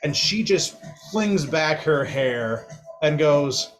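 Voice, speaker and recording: A man's voice: on the high side, expressive, slow pace, fairly bright tone, faint music behind. Playful man narrating as game master. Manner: vivid, playful narration with frequent laughs.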